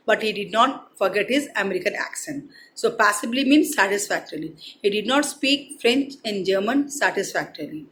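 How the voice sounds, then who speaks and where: A woman's voice: on the high side, a bit bright, rough recording. A young woman teaching a class, reading a story and retelling it in simple words. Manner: explains word meanings, retells each passage in simple words. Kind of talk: reading and explaining a textbook story.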